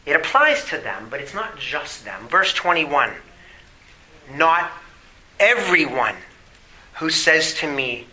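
A man preaching a sermon in a bright, sharp, somewhat high voice. He presses his points with rhetorical questions and reads scripture with emphasis, then drops into quieter asides. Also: sing-song, slow pace, long pauses, poor audio. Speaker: pastor.

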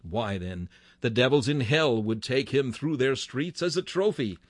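A man's voice: medium pitch, expressive, a little slow, dry recording. A man preaching a sermon with fervent delivery, his voice rising sharply on key words.

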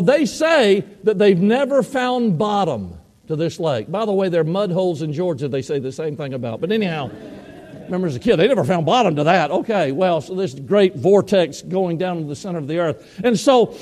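A man preaching a sermon, telling a story in an animated way and acting out the people in it. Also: high voice, in a large hall.

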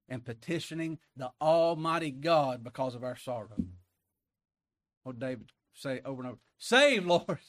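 Preacher, male, fairly high voice, dry close sound, conversational, keeps asking rhetorical questions. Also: no room sound. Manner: swings from soft to emphatic. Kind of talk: sermon.

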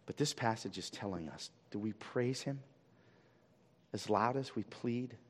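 A man preaching a sermon as pastor, swinging from loud emphatic peaks to quiet low pleading and asking the congregation rhetorical questions. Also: unhurried. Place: church sanctuary. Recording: long reverb of a church hall.

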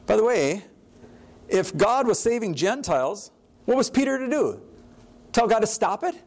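A pastor preaching a sermon, reading scripture verses and explaining them in a plain, conversational way. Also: male voice, high-pitched, sing-song, moderate pace, darkish tone.

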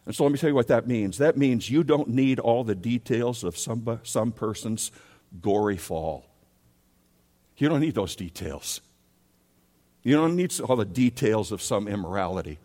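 A man preaching a sermon as pastor, emphatic, repeating key words and swinging between loud and soft. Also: fairly low pitch, big pitch swings, moderate pace. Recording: long reverb of a large hall.

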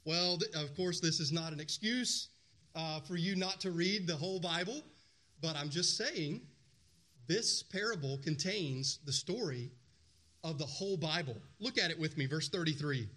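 A man's voice: fairly high pitch, normal speed, pushed and bright. A male pastor preaching a sermon, emphatic, repeating phrases and asking the congregation questions.

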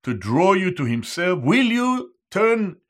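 A man preaching a sermon as a Bible teacher, slow and emphatic, repeating each key term in Hebrew and English. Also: high voice, big pitch swings, a bit bright.

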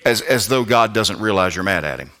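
Animated preacher with a bright voice. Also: male voice, lowish voice, a little fast. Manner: dynamic preaching, swinging from loud pleading to quiet asides. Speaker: pastor. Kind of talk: sermon.

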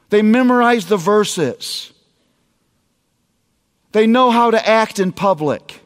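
A man's voice: high voice, long reverb tail. A man preaching a sermon, emphatic and speaking straight to the parents in his audience. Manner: emphatic, addresses parents directly.

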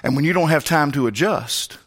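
A man's voice: on the high side, fairly quick, fairly bright tone. A male pastor preaching a sermon, telling a personal story with comic asides.

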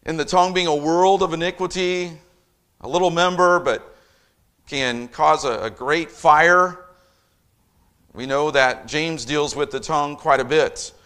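A middle-aged man preaching a sermon as a pastor, emphatic, with loudness that rises and falls. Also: a little high, a little slow, clear, resonant tone.

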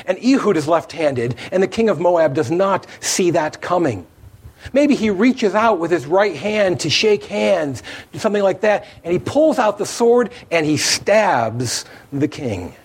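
A man preaching a sermon, telling the story with animated emphasis, his voice rising as he drives points home. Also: high-pitched, unhurried, slightly rough. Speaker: pastor.

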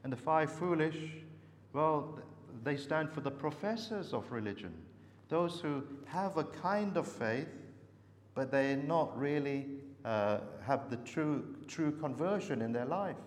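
A man preaching a sermon, earnestly asking searching questions and often pausing with hesitations. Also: fairly high pitch, lively intonation. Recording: long reverb with faint background noise.

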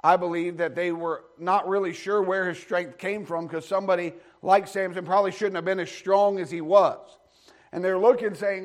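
A man delivers an earnest church sermon in a fairly high voice. He leans on repetition, circling back to key phrases to hammer them home. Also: steady tone, normal speed. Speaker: pastor.

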